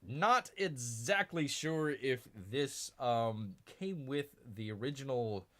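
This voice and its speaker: A man's voice: mid-range voice, takes it slowly, pushed and bright. A man hosting a casual live stream about comic books, rambling through fillers and restarts, calling himself Bear and talking to viewers as "people.". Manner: calls himself Bear in the third person; keeps addressing viewers as "people".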